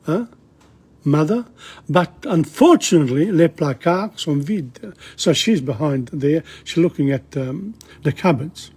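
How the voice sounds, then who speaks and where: A man teaching a language lesson, reading a dialogue line by line and translating it, chatty and halting with frequent asides. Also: fairly high pitch, lively intonation, mellow, slightly rough.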